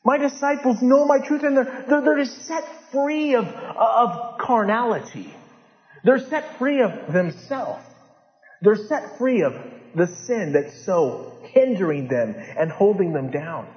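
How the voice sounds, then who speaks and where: Male pastor, sermon, impassioned with hushed drops, long hall reverb. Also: expressive, slow. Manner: impassioned, swings from loud urgent peaks to low hushed lines. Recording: dull lo-fi sound in a large reverberant hall.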